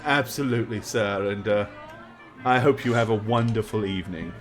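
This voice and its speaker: A man's voice: lowish voice, moderate pace, faint music behind, voice pushed down, close to an everyday voice. A man voicing a deferential club waiter who speaks formally and hesitantly in a tabletop game.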